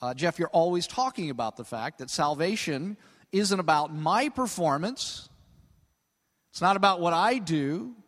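Casual male pastor, sermon in a large hall with long reverb, animated, keeps saying "okay?". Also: on the high side, a little slow. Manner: conversational, peppered with 'okay?'; animated, stretches key words for emphasis.

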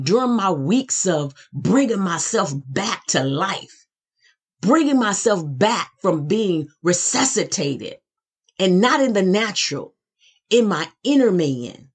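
A middle-aged woman minister giving a personal testimony, slow and dramatic, building emphasis through repetition. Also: mid-range voice, breathy edge.

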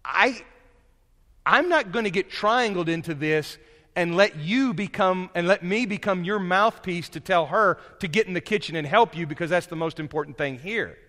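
A calm, gentle Jesus who speaks patiently and never scolds, as a male preacher quotes him. The voice sits high and bright, and a long hall reverb trails each phrase. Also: normal speed.

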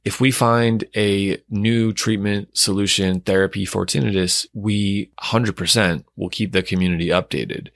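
A male audiologist calmly explaining things in an educational commentary. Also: deep voice, no room sound, studio quality. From United States. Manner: calm, explanatory.

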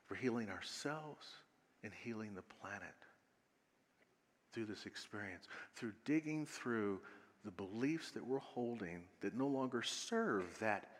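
Animated male minister preaching. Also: lowish voice, a little slow, big-room sound. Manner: animated storytelling, swinging from loud and laughing to hushed and whispery; leads the audience through a guided exercise. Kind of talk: sermon.

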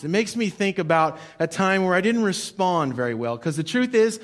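A man's voice: high voice, animated, moderate pace, few pauses. A male pastor preaching a sermon in a conversational storytelling way, repeating his key points.

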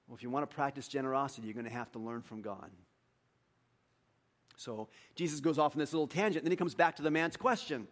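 A man preaching a sermon in an animated way. He acts out dialogue with his congregation, and his voice jumps high and loud for emphasis, then drops quiet. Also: quick pace. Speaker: pastor.

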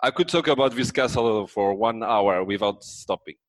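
A man's voice: on the low side, moderate pace, rough recording. A man with a French accent chatting casually as a podcast guest, often repeating words while he searches for phrasing.

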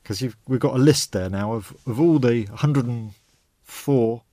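A man hosting a podcast, talking in a relaxed, chatty way with small restarts. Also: medium pitch, unhurried, no echo, studio quality. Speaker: podcast host. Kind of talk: casual podcast chat.

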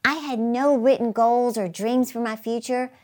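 A woman's voice: a little high, steady tone, moderate pace. A middle-aged woman preaching an earnest motivational sermon, telling stories with emphasis.

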